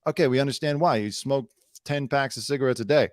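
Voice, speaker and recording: A man's voice: mid-range voice, quick pace, darkish tone, dry recording. A man hosting a comedy news talk show, mocking the stars with a wisecracking edge and the odd put-on voice. His voice sits in a middle register. It is recorded close and dry, with no room sound. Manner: mocking, slips into impressions of celebrities. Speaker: comedy podcast host. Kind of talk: joking commentary on celebrity news.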